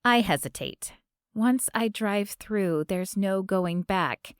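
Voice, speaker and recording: A woman narrating a first-person romance audiobook in a measured, expressive way on a close studio mic. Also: mid-range voice, smooth, dry recording.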